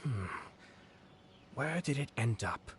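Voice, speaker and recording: An actor playing a composed young noble commissioner in a video game, measured and formal. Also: male voice, mid-range voice, lively intonation, a crowd in the background. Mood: calm.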